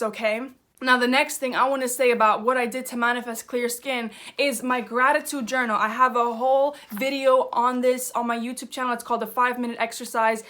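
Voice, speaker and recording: A woman's voice: fairly high pitch, fairly bright tone. A young woman talking straight to camera in a chatty, emphatic vlog style, slangy and swearing casually as she gives advice. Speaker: YouTuber.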